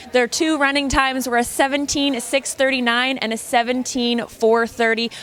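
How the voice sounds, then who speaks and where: A woman's voice: on the high side, fairly bright tone. A woman interviewing a rider at a rodeo event, bubbly and encouraging. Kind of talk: upbeat arena interview.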